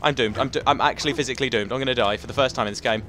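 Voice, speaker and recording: A man giving chatty, excitable let's play commentary, talking to himself as he plays. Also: medium pitch, very fast. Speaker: gaming commentator.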